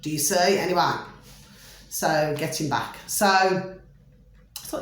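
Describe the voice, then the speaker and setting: A woman's voice: medium pitch, expressive, normal speed, a bit bright. A woman telling a long personal story in a rambling, chatty way, repeating herself and saying "you know" again and again. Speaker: storyteller sharing a personal experience. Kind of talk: rambling casual monologue. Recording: very echoey room.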